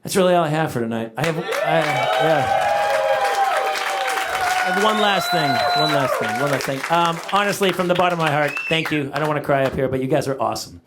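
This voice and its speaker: A middle-aged male comedian telling an animated story on a live stage, shouting out the voices of himself and his dog. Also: on the high side, brisk, a loud crowd. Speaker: stand-up comedian. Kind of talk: stand-up comedy set. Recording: live stage recording with audience noise. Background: audience laughter.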